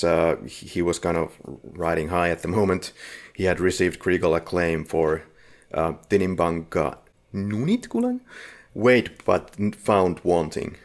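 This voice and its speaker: A man with a notably deep, low voice hosts a casual film podcast. He talks in a relaxed, conversational way, laying out background at length. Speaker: podcast host.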